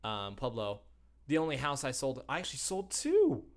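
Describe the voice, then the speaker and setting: A man's voice: mid-range voice, wildly swooping pitch, moderate pace. A young man, a wedding DJ, chatting as a podcast guest in a laid-back, rambling way. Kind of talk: casual chat.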